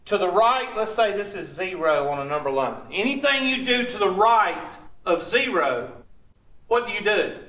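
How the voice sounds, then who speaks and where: A man's voice: high voice, sharp tone, echoey room, muffled recording. A man teaching a class, quizzing the students and repeating their answers, with chatty asides to himself about the equipment. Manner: chatty, talks to himself over tech trouble. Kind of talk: classroom lecture.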